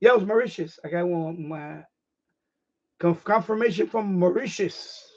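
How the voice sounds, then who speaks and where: A man with a strikingly high voice hosts a ham radio live stream, talking casually. He rants with heavy swearing and hammers his points home by repeating them. The audio sounds dull and lo-fi. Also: normal speed. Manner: profane, emphatic, repeats phrases.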